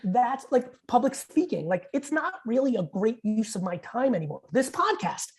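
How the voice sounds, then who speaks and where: A man in his forties, a podcast guest, telling stories in blunt, profane, rapid-fire talk. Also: very high voice, expressive. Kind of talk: casual podcast interview.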